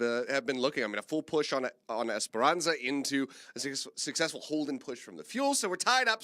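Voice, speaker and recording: A man casting a live esports show match in a lively, jokey way, now and then mimicking a whiny viewer. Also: medium pitch, dry recording, studio quality. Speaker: esports caster.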